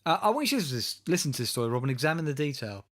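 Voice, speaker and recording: A man's voice: on the high side, very animated, rapid-fire, fairly bright tone. A man co-hosting a casual comedy podcast, reading out odd news stories in a wry, mock-serious way. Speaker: podcast co-host.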